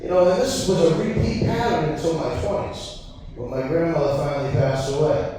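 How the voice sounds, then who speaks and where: A man's voice: a little high, brisk, warm tone. A man from Massachusetts in his thirties doing a crude, rambling stand-up set, laughing at his own jokes. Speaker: stand-up comedian. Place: comedy venue with audience. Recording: echoey hall, far mic, faint noise.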